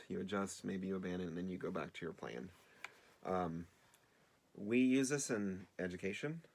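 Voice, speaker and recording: Male teacher, low voice, relaxed remote lesson for kids, chatty, self-deprecating, lots of ums. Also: slight background noise. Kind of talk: casual remote video lesson for children.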